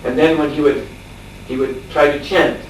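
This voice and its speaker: During a scripture class in a lecture room at a farmstead, a male monk relates a lengthy anecdote at normal speed. His average-pitched voice is conversational and relaxed, broken up by chuckles and hesitant fillers, and the distant recording is echoey with a faint hiss.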